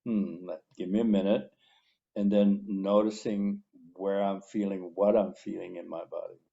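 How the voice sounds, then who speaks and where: A man co-hosting a talk show, sharing his own experience of recovery slowly and deliberately, with long pauses. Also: sits low, level tone, vocal fry, mellow, lo-fi sound. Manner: slow, deliberate, drawn-out words with pauses. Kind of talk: reflective personal sharing. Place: a room with people.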